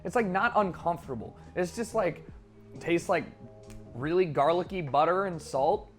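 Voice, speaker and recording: A man's voice: high voice, lively intonation, normal speed, soft background music. Joking, swearing young man cooking live. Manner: joking, profane, rambling commentary with sudden loud outbursts. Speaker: streamer cooking on stream. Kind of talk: casual live-stream chat while cooking.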